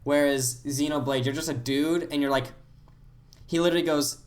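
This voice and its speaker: A man's voice: fairly high pitch, fairly even intonation, moderate pace. A man co-hosting a casual gaming podcast, musing thoughtfully with frequent "like" fillers. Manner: thoughtful, heavy use of "like" fillers. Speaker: podcast co-host. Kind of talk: casual chat about video games.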